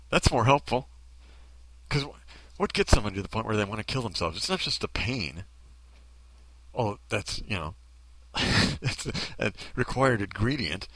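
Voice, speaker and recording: A man's voice: lowish voice, sing-song, normal speed, pauses often, a bit bright, no room sound. A man delivering a bitter, sarcastic ranting monologue full of rhetorical questions.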